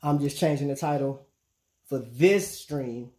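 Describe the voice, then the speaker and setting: Hosting a relaxed live stream, this man speaks unhurriedly in a medium-pitched, darkish voice. He keeps things loose with his viewers, sprinkling "man" and "bro" through nearly everything he says.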